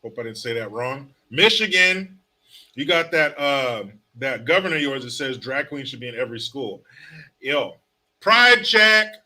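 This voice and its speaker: A man's voice: mid-range voice, expressive, measured pace, pushed and bright. A man hosting a casual live stream, reading viewer comments aloud with joking, sarcastic asides. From California. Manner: joking, sarcastic, reads chat names aloud.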